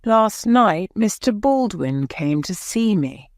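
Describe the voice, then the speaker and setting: A woman reading the lines of a weary, sad king who is giving up his throne, in a slow, gentle, sorrowful voice. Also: mid-range voice, expressive, no echo, clean studio sound, pitched above the performer's own voice.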